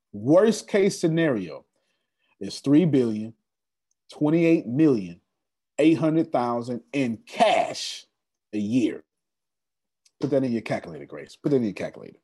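Male presenter, hype pitch style, husky and animated, video-call mic. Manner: excitable, repeats phrases, casual slang. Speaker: presenter of an online business meeting.

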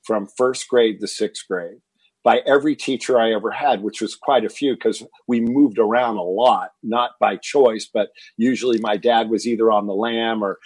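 A middle-aged man from Texas, a guest in an interview, telling stories in an animated way and acting out what people said. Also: on the low side, normal speed, slightly rough, no room sound, rough recording. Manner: animated storyteller acting out quoted dialogue. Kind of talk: storytelling interview.

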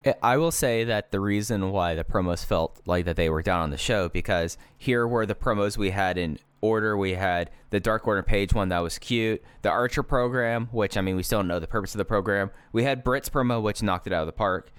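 Man, very low voice, smooth, dry close mic, casual podcast chat. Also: brisk, few pauses, no echo. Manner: argumentative, stumbles on repeated words. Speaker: podcast co-host.

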